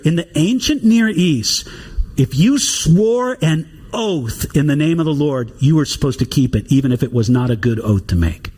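A man preaching an expository sermon, reading scripture slowly and explaining it with conversational rhetorical questions. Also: high voice, husky. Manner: reads scripture aloud slowly and deliberately. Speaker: pastor.

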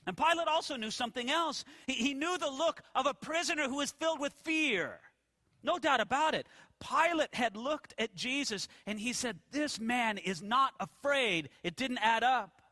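A man preaching a sermon, telling the story with animated questions to his listeners. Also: extremely high pitch, normal speed, no echo. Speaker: pastor.

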